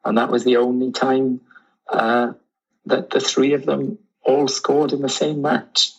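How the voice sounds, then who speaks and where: A man's voice: medium pitch, level tone, a little slow, husky, highs cut off. A man co-hosting a casual podcast, easygoing, giving brief replies with hesitations. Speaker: podcast co-host. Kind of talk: casual chat.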